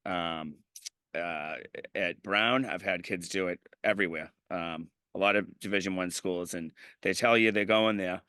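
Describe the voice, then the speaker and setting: Middle-aged male coach, guest on a podcast, chatty and conversational; lower voice with a bright edge. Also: no echo, studio quality. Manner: chatty, retells exchanges with his players. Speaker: high school lacrosse head coach, guest.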